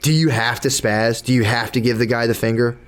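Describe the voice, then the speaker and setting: A young podcast host talks loosely and a little fast in a mid-range voice with fairly even intonation. He rambles with frequent restarts and curse words, acting out his inner thoughts as he explains things in casual chat.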